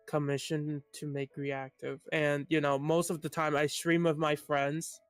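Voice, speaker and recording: Dry-sounding, excitable chatter. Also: medium pitch, clear, resonant tone, no echo. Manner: excitable, joking. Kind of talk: casual chat.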